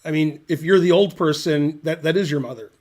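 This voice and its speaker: Casually covering a chess game, this middle-aged man has a voice pitched a bit above average, brisk and slightly mellow. His easygoing, chatty commentary keeps wandering off into lengthy, dry tangents.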